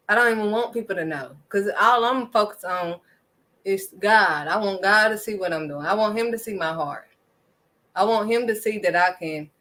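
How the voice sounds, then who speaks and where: A woman's voice: lowish voice, a bit bright. A woman giving an impassioned faith talk to her viewers, emphatic and preachy, driving points home with a firm "period.". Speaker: faith vlogger.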